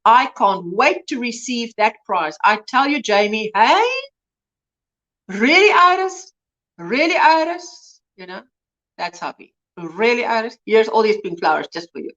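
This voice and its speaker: A woman's voice: mid-range voice, normal speed, fairly bright tone, lo-fi sound. A woman hosting a casual livestream, chatting and greeting viewers by name with frequent exclamations. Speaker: livestream host. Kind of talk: casual chat reading comments.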